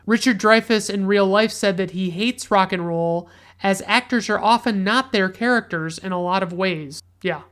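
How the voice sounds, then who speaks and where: Chatty swearing podcast host, smooth voice. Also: male voice, high-pitched, moderate pace, hardly any pauses, a bit bright. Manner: rambling, chatty, swears freely. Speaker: podcast host and film reviewer. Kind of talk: casual solo podcast review.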